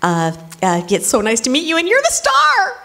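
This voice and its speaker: A woman's voice: high-pitched, huge pitch swings, moderate pace, vocal fry, sharp tone, pitched above the performer's own voice, exaggerated voice. A woman putting on a perky, overeager younger version of herself, chattering breathlessly. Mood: overexcited.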